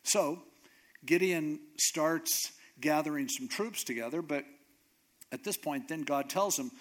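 Preacher, man with a slightly high voice, easygoing storyteller with a wry touch. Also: animated, unhurried. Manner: casual, conversational retelling with humor. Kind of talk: sermon storytelling.

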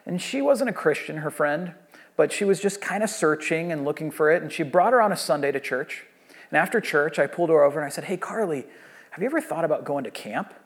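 A man's voice: a little high, lively intonation, brisk. A man in his thirties, a pastor preaching a sermon and telling a long story in a conversational way with frequent restarts.

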